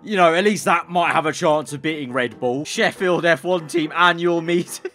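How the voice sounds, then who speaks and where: A man's voice: on the high side, normal speed, pushed and bright, faint music behind. A young man chatting through memes in a casual, joking reaction commentary and laughing often. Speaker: F1 content creator.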